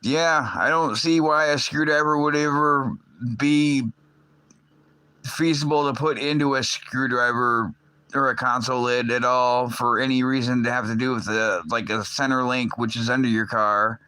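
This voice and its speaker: A livestream host with a mid-range voice speaks at a moderate pace with fairly even intonation. His tone is pushed, bright, clear, and resonant, with no echo. He rambles loosely, swears a lot, and fills pauses with "uh" and "like."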